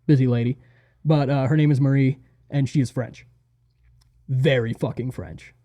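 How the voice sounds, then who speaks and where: A man from Arizona with an American accent, a podcast guest telling stories in animated, profane casual chat and laughing often. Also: medium pitch, moderate pace. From Arizona, USA.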